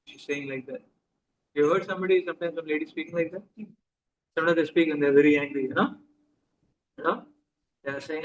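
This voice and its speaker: A man's voice: on the high side, a little fast, long pauses, slight background noise, rough recording. A man with an Indian accent giving a conversational sermon, often asking his listeners questions and slipping into Hindi. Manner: conversational, asks the audience questions, mixes in Hindi. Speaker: spiritual teacher. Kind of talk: sermon to a live audience.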